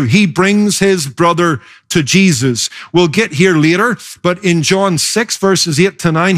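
A man preaching a sermon as pastor, emphatic, slowing down and speeding up to stress his points. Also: high voice, a bit bright. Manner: emphatic preaching with varied pace.

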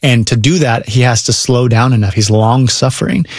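A man's voice: medium pitch, moderate pace, no echo, clean studio sound. A man speaking earnestly in a conversation about being a father, with a preacherly emphasis. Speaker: guest speaker on parenting.

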